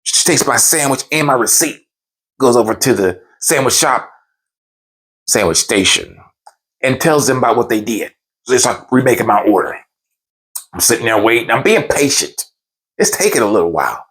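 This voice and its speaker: A man telling a true comedic story in an animated, conversational way. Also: medium pitch, normal speed, long pauses.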